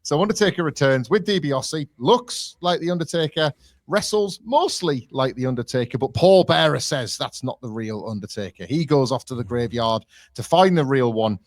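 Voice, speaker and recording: A man's voice: mid-range voice, lively intonation, normal speed, no echo. A man co-hosting a podcast, recapping old events in a wry storytelling manner. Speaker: podcast co-host. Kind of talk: casual podcast chat.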